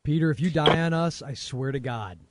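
A man co-hosting a movie podcast in casual chat, teasing and joking with quick asides. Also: a little high, noisy background. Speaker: podcast co-host.

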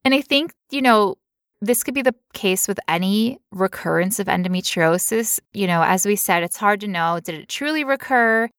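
A woman's voice: mid-range voice, lively intonation, moderate pace, fairly bright tone, no echo, studio quality. Woman explaining health topics, laughing often. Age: adult past teen years. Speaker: podcast co-host. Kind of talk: casual health podcast explanation.

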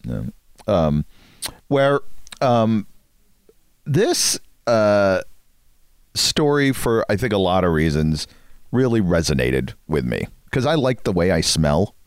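A man's voice: low voice, big pitch swings, slow pace, long pauses, clear, resonant tone, no echo, clean studio sound. A man co-hosting a podcast, telling a story in a rambling, joking way with frequent chuckles. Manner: rambling storyteller, chuckles often, self-mocking. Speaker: podcast co-host. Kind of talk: casual chat.

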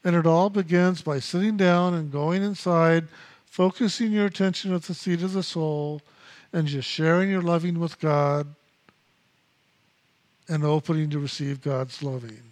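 A man with a notably high voice teaches a meditation practice. He speaks in slow, measured phrases and circles back to repeat his key words. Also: fairly even intonation, darkish tone. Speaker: spiritual teacher.

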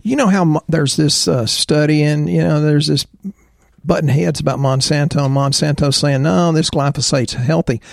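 Gravelly guy ranting about health stuff on a podcast, dry close mic, keeps riffing. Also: on the high side, moderate pace, dry recording. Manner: opinionated, animated storyteller. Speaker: podcast co-host, chiropractor. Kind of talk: casual health chat.

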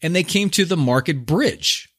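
A man's voice: on the high side, expressive, normal speed, a bit bright. A man hosting his own podcast, retelling an old fable in a laid-back, slangy, joking way. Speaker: podcast host. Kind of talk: casual storytelling monologue.

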